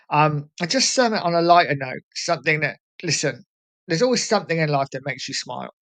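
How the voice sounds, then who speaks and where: A man in his forties from England, hosting a fan channel and talking candidly and earnestly to his viewers, often repeating "listen". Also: fairly high pitch. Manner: earnest, heartfelt and repetitive, often saying "listen". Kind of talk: candid vlog talk.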